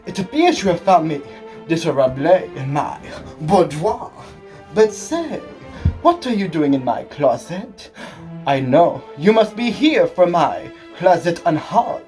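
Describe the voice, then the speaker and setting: A man's voice: a little high, big pitch swings, unhurried, darkish tone, soft background music. A man voicing a theatrical French seducer in his boudoir, with a mock French accent and an overblown romantic manner. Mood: seductive, theatrical.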